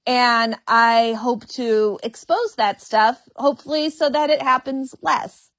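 A woman comedian talks candidly and with humor, often stuttering on the first sounds of words. Her voice sits a bit high, and she speaks slowly. The sound is close and dry, with no room echo. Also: fairly even intonation, fairly bright tone. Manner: frank and humorous. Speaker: comedian guest. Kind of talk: candid interview conversation.

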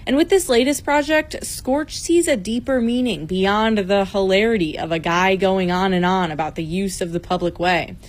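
Woman reading a news report. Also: mid-range voice. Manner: measured, clear reporter's read. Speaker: radio reporter. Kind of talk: scripted news narration.

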